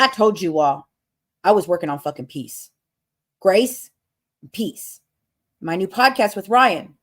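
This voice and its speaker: Blunt, sleepless woman livestreamer, lower voice, profane and fiery. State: has not slept. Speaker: livestream host. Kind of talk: casual livestream rant.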